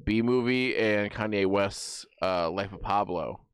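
Young male co-host, smooth and low, playful chatter, dry sound. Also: measured pace, dry recording. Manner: playful, drifts into silly sing-song bits. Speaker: podcast co-host. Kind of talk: casual chat.

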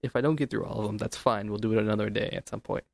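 A man's voice: fairly low pitch, steady tone, rapid-fire, creaky, very noisy. A man co-hosting a casual home podcast, rambling and chuckling, close to a desk mic. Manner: laid-back, chuckling, rambling. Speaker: podcast co-host. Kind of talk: casual chat. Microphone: desk studio mic.

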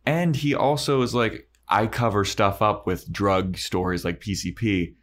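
Podcast co-host, male, low voice, chatty plot recapper who acts out bits. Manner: storytelling, acting out lines in quick snippets. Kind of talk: casual chat recapping an episode.

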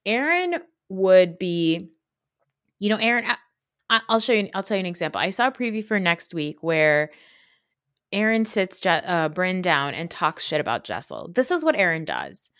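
Brief: young woman host, low-pitched, casual and cursing, dry close-mic recap rant. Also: moderate pace, dry recording. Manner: blunt, profane, animated ranting with frequent "like". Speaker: podcast host.

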